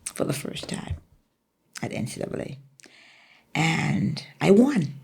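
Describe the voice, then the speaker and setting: A woman's voice: low-pitched, very animated, slow pace, gravelly, darkish tone, breathy edge. A middle-aged woman from the Bahamas with a Bahamian accent, a former track athlete telling her story in an interview, acting out quotes animatedly.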